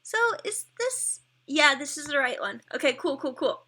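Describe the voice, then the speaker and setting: A woman's voice: sits high, expressive, normal speed, sharp tone. A woman streamer in casual live-stream commentary, chatty and effusive, gushing praise and laughing often between remarks.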